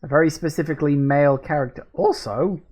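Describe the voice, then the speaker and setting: A woman with a deep voice hosts a gaming video, offering casual let's-play commentary. She gets excited easily, laughs and swears readily, and reads the game's prompts out loud.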